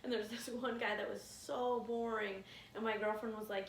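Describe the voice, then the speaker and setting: A woman's voice: a little high, moderate pace, a little hiss or hum. A woman co-hosting a podcast in casual chat, telling stories with lots of laughter and acted-out quotes. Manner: laughs often, animated storytelling with acted quotes. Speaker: podcast co-host. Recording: roomy, slightly distant mic.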